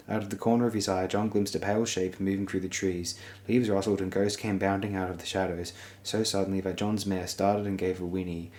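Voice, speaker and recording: A man with a notably low, deep voice reads a fantasy audiobook. His narration is steady and measured throughout. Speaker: audiobook reader.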